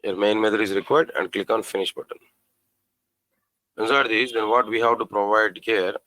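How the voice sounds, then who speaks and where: A man teaching a programming class, spelling out code slowly and asking the students questions again and again. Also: on the low side, steady tone, sharp tone, dry recording, rough recording. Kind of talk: live coding lesson.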